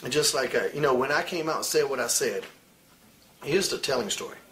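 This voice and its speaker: Man, 40s, ex-wrestler, heated and crude storyteller, average pitch, light hiss behind. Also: expressive, a little fast, a bit bright. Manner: blunt, profane, heated storytelling. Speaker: retired pro wrestler as interview guest. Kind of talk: candid shoot interview.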